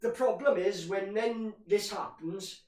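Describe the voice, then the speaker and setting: A man's voice: high voice, a little slow, darkish tone. A man giving live fan commentary on a match, ranting in frustration and calling his listeners "boys". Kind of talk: live watch-along commentary. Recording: roomy echo, distant from mic.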